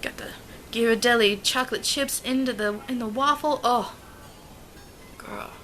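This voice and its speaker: Young woman from the US, casual vlog, gushing and enthusiastic, bright voice, fairly high, faint music underneath. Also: poor audio. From United States. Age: young adult. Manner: gushing, enthusiastic, drawn-out words. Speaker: vlogger.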